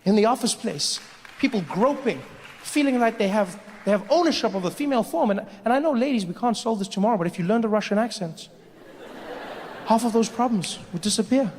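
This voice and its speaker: Male stand-up comic, animated storytelling, big hall reverb, faint hiss. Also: sits high, fairly quick. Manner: animated storytelling that slips in and out of character voices. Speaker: stand-up comedian. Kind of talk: stand-up comedy set. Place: live comedy stage in a large hall.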